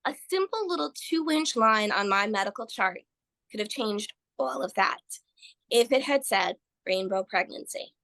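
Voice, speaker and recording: A woman guest on a podcast, speaking earnestly and telling her experience with animated storytelling. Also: on the high side, measured pace, gravelly. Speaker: guest, author. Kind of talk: podcast interview.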